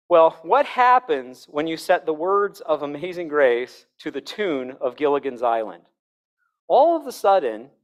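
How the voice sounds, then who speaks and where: A middle-aged man giving a conference talk to a Christian audience in a conversational, humorous lecturing manner with self-deprecating asides. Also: a little high. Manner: demonstrates tones of voice and sings examples aloud. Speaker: conference speaker.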